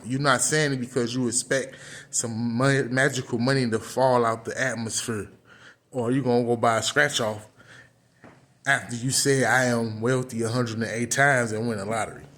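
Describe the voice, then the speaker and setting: A man's voice: medium pitch, a bit bright. Earnest man speaking in AAVE. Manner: earnest and repetitive, with conversational slips and restarts. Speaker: motivational speaker. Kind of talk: casual motivational talk.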